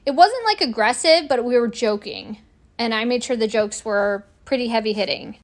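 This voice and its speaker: A woman's voice: fairly high pitch, normal speed. A woman in her forties telling a personal story straight to camera in a casual, indignant way, acting out what people said. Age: 40s. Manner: animated, indignant, acts out quoted lines. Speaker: vlogger.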